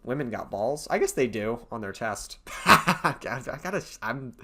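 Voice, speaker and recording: Dude doing reaction commentary, crude jokey asides, mid-pitch voice, super casual. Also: male voice, lively intonation, unhurried, sharp tone. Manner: crude, irreverent joking. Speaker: commentary youtuber.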